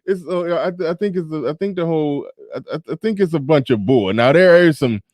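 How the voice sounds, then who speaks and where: A man's voice: a little high, a little fast, darkish tone, no room sound, clean studio sound. A man hosting a casual livestream, talking bluntly and profanely with laughs and sarcastic asides while reading viewer super chats. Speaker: livestream show host.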